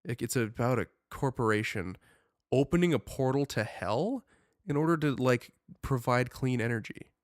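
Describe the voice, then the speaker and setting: A young man talks in a loose, rambling way, full of filler words and sudden animated bursts. His pitch sits mid-range for a man. The sound is dry and close, with no room echo. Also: normal speed. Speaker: podcast co-host. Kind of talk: casual chat.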